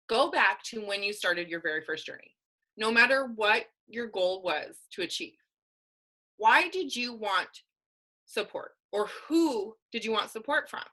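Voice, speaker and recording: A woman's voice: mid-range voice, bright, forceful tone, rough recording. A young adult woman coach giving a candid, emphatic motivational talk on a team video call, full of casual slang. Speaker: guest speaker, fitness coach.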